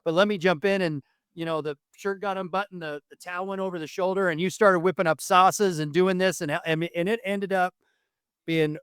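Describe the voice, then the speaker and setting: Effusive higher-voiced male co-host, dry sound. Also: fairly even intonation, brisk, a bit bright, clear, resonant tone, no room sound. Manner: effusive, storytelling, praising. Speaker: podcast co-host. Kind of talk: casual podcast chat.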